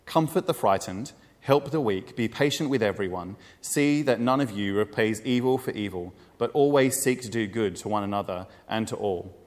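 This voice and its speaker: A man's voice: lowish voice, moderate pace, natural voice. A man reading the lines of a frightened woman prisoner aloud in a reverberant hall.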